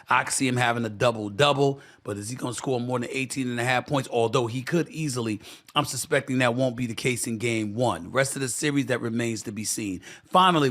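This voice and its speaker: A man's voice: mid-range voice, a bit bright. A man hosting his own sports talk show, delivering an impassioned commentary monologue that repeats phrases for emphasis and addresses listeners as "y'all".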